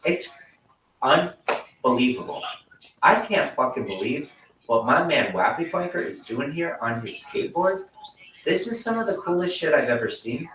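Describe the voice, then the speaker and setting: Loud profane livestreaming man, far from mic. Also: a little high, very animated, moderate pace, reverberant, slight background noise. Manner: over-the-top, profane, mock-grandiose hype. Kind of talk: livestream commentary.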